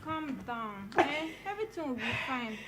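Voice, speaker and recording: A woman's voice: sits high, big pitch swings, normal speed, heavy background noise. Woman playing a soothing Nigerian young woman. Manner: soothing, pleading. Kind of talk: amateur skit acting.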